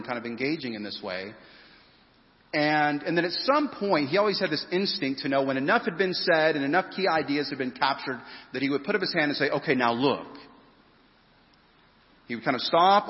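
A man preaching a sermon in a church hall, his voice trailing off into long reverb. He is earnest and emphatic, leaning hard on key phrases and drawing some out slowly. The recording sounds muffled and a little dull. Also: on the high side. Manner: earnest, emphatic preaching with rising stresses and slow drawn-out phrases. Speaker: pastor. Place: church sanctuary.

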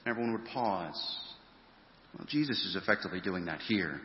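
A man preaching a sermon in a church hall, his voice trailing off into long reverb. He is earnest and emphatic, leaning hard on key phrases and drawing some out slowly. The recording sounds muffled and a little dull. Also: fairly low pitch, lively intonation. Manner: earnest, emphatic preaching with rising stresses and slow drawn-out phrases. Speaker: pastor. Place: church sanctuary.

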